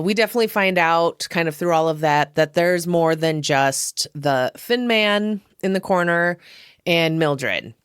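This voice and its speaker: A woman's voice: low voice, clean tone, dry recording, studio quality. A woman hosting a casual film review podcast, chatty and profane, laughing often as she talks. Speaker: podcast host.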